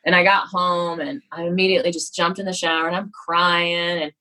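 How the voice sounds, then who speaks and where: A woman's voice: on the low side, steady tone, a little fast, pushed and bright, poor audio. A woman talking frankly and with self-deprecating humor, telling personal stories and acting out what she and others said. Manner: frank and self-deprecating, acts out her own quotes. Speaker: yoga studio guest. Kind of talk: candid conversational storytelling.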